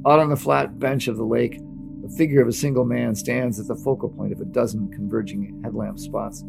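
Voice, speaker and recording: A man reading a novel aloud as narrator, in a steady, dramatic audiobook delivery. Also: mid-range voice, a little fast, vocal fry. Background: music.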